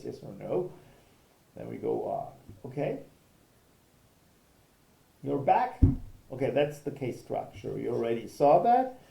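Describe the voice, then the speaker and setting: A man's voice: medium pitch, gravelly, mellow, roomy sound, poor audio. A man, a law professor giving a recorded video lecture, explaining step by step and checking in with "okay".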